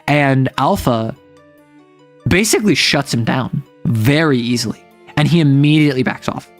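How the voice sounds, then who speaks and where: A man's voice: medium pitch, a little slow, faint music behind. Rambling man recapping a game. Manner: rambling, many "like" fillers. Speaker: tabletop game player recapping a session. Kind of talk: casual storytelling recap.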